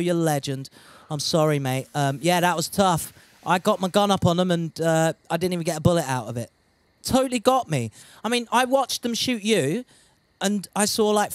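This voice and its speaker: A man's voice: high-pitched, no room sound. A young man chatting casually while streaming a game, reading out viewer messages, sweary and laughing at himself. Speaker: gaming streamer.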